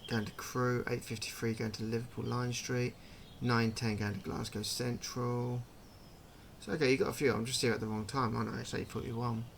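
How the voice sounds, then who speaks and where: A man's voice: medium pitch, flat delivery, normal speed, creaky, a little hiss or hum. A man giving casual, chatty commentary while playing a train game, thinking aloud and puzzling over details. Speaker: gaming channel host.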